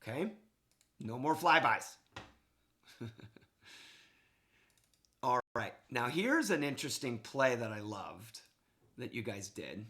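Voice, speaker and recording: A male hockey coach talks through game film in an easy, excited voice-over. He keeps it casual and checks in often with "okay" and "right". His pitch sits in an ordinary middle range. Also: takes it slowly, long pauses. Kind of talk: video game analysis for a player.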